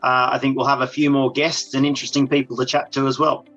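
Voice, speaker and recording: A man's voice: mid-range voice, little pitch movement, fast, fairly bright tone, soft background music. Easygoing male co-host, dull lo-fi sound. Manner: brief agreeing replies. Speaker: podcast co-host. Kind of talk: casual chat. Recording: dull lo-fi recording.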